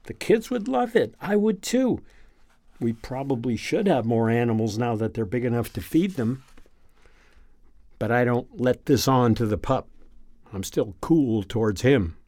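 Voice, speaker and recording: Man, storyteller, slow, measured, reflective, dry close sound. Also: medium pitch, darkish tone, no room sound. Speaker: narrator. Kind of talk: first-person story reading.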